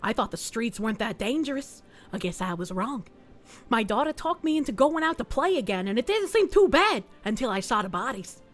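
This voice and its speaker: A woman voicing a worried neighbor, an anxious parent, speaking in a low, confiding way. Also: very animated, a little fast. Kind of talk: game character voicing.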